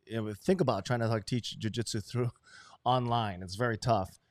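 A man's voice: medium pitch, normal speed, no room sound, clean studio sound. Brash swearing man. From Hawaii. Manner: brash, swearing, animated bursts. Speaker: host. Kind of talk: casual profane chat.

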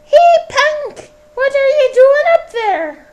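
A woman doing a shrill, brash Scottish woman named Thelma. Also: big pitch swings, slow pace, darkish tone, full character voice. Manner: shrieking, brash.

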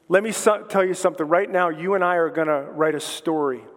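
A man preaching a sermon as pastor, with impassioned, repetitive exhortations that build up and then soften into prayer. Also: fairly high pitch, a little fast, in a large hall.

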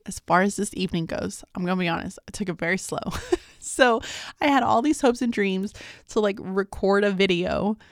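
A woman's voice: mid-range voice, normal speed, dry recording, clean studio sound. A woman in her thirties hosting a podcast, chatting casually about her day, laughing often and calling her listeners "guys.". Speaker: podcast host. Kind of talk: casual video-diary chat.

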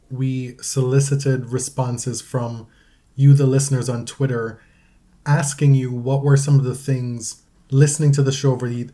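A man with a mellow, warm voice co-hosting a casual podcast. He talks easily with his co-host and slips into a deadpan, theatrical style for a dramatic reading. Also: mid-range voice.

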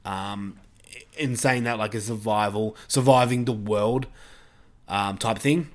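A man's voice: lowish voice, fairly even intonation, a little slow. Male podcast host, casual movie recap, rambling delivery. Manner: rambling, full of fillers and restarts. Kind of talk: casual movie review chat.

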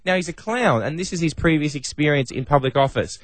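A man co-hosts a radio comedy chat, telling little anecdotes with a chuckle. His voice sits a touch high. The sound is dry and close. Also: a little fast, no echo. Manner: storytelling, chuckling asides. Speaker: radio co-host. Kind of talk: casual comedic radio banter.

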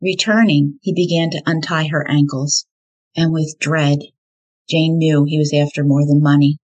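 Low husky woman narrating true crime. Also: flat delivery, moderate pace, a little mellow, low-quality recording. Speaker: podcast host.

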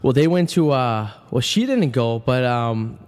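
A man's voice: medium pitch, animated, unhurried, darkish tone, long reverb tail. A man co-hosting a radio talk show, telling rambling stories full of "uh" and restarts. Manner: rambling storyteller, trails off with uh. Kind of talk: casual banter. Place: small radio studio.

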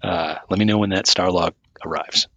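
A man's voice: low-pitched, steady tone, normal speed, a bit bright, no room sound. A man co-hosting a podcast, chatting casually with a dry, teasing manner. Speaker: podcast co-host. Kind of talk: casual chat.

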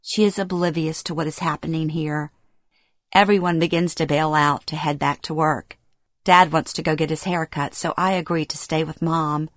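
A woman's voice: low-pitched, fairly even intonation, moderate pace, no room sound, studio quality. A middle-aged woman reading her own memoir aloud, telling it in the present tense and acting out the dialogue with feeling. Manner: present-tense storytelling, emotional acted dialogue. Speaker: memoir narrator. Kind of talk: first-person memoir reading.

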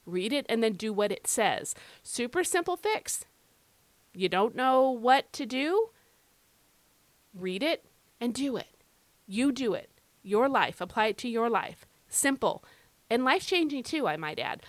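A woman hosts a devotional Bible podcast, talking straight to the listener in a conversational way, emphatic and repeating key phrases. Her high voice is very animated and her pace measured. There's no room sound.

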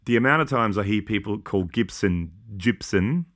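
A man's voice: lowish voice, animated, fairly bright tone. A man with an Australian accent, co-hosting a podcast in casual, rambling chat full of jokes and side notes. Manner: joking, rambling, quick asides. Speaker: podcast co-host.

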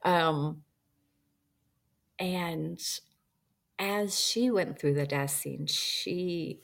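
Woman, low voice, casual rambling storyteller, reflective. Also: very slow, gravelly. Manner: rambling, reflective, many ums and you-knows; acts out quoted dialogue in shifting voices. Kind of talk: personal storytelling about a past-life regression session.

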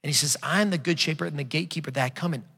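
Bright-voiced pastor in a reverberant hall. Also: male voice, a little high, racing, creaky, slightly rough. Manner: conversational storytelling with frequent restarts. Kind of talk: sermon.

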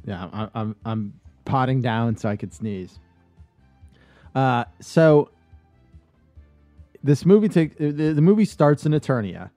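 A man on a podcast casually pitching a movie idea, rambling with lots of fillers and restarts. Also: lively intonation, slow pace, long pauses, warm tone, no room sound, faint music behind.

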